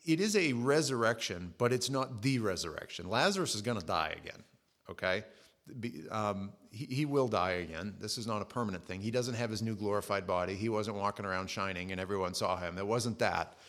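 A man's voice: fairly low pitch, a little fast, a bit bright. Conversational man preaching a sermon. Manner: conversational, retells scripture with acted asides. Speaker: pastor.

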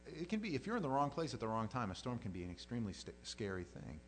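A man preaching a sermon as pastor, conversational and animated, swinging between loud outbursts and quiet prayer. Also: mid-range voice, fast, slight background noise.

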